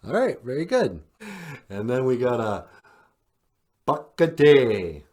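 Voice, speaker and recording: A man hosting a podcast, teaching vocabulary in a relaxed, encouraging way and gently prompting his partner. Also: mid-range voice, slow pace. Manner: encouraging, calls partner sweetie. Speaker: podcast host teaching words. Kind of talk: language lesson, casual.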